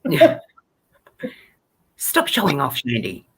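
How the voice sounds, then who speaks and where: A woman co-hosting a casual live chat, playful and quick to laugh, with a husky voice. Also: deep voice, wildly swooping pitch, fairly bright tone.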